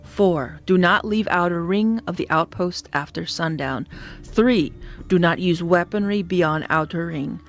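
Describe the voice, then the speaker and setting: Brief: woman doing a frosty Russian woman soldier in her thirties, Russian accent, clipped commands, low gravelly edge. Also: measured pace, soft background music. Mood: cold, commanding. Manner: curt, clipped, icy orders.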